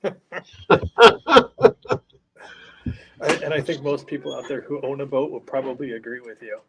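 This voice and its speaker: A man who keeps up a haunted hospital, talking casually and keeping his voice low in an interview, with a headset inside the building. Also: fairly even intonation, quick pace, poor audio. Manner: talks quietly, keeping his voice down. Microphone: earpiece headset.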